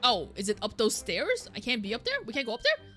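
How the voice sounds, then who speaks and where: A young woman chatting through a game playthrough, scatterbrained and giggly, reading bits aloud. Her voice is bright and bounces around a lot. Soft game music plays behind her. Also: a little high, wildly swooping pitch, fast talker. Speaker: let's play streamer. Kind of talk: casual gameplay commentary.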